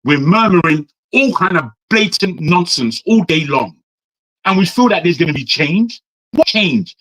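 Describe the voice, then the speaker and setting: Guy ranting at a panel, high voice all over the place, fires off questions. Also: animated, measured pace, a bit bright, no room sound, low-quality recording. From Nigeria. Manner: impassioned, hectoring rhetorical questions, swears. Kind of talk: heated panel debate. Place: living in the West.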